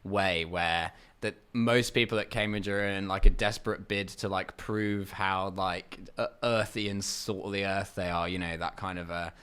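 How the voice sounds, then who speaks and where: A man's voice: low-pitched, steady tone, moderate pace, few pauses, a bit bright, clear, resonant tone. A young man from Essex with a well-spoken English accent, chatting as a guest comedian on a podcast and rambling through his points with lots of fillers. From England (Essex). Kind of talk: casual podcast chat.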